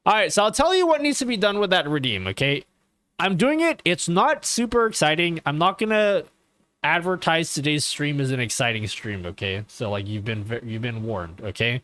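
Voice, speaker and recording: A man's voice: on the high side, lively intonation, normal speed, a bit bright, dry recording. A man chatting casually on a live stream, rambling, swearing and often checking in with his viewers. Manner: rambling and profane, keeps asking okay. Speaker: livestreamer.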